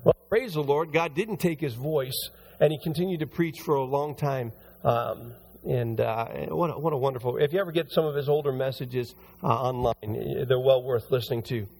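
A man preaching a conversational sermon as pastor, his voice a little hoarse and recovering. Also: mid-range voice, normal speed, darkish tone. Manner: conversational, rambling with restarts. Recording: long hall reverb.

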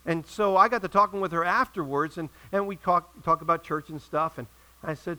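In a church, a male pastor preaches a sermon, telling a story that climbs to loud, emphatic peaks and then drops to quiet asides. His voice is fairly high at a normal speed, and the audio is poor.

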